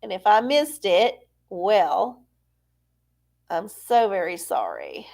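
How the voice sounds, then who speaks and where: A woman's voice: medium pitch, huge pitch swings, takes it slowly, vocal fry, a little mellow. A woman hosting a live stream, rambling and self-deprecating in casual chat with her viewers. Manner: rambling, chatty, self-deprecating, frequent laughs. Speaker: livestream host.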